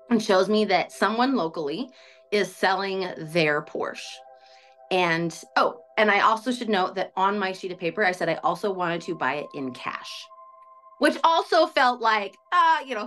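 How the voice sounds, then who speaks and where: A woman's voice: medium pitch, fairly bright tone. Chatty woman telling a story, music behind. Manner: chatty, self-questioning, frequent "like". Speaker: interview guest. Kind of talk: casual storytelling.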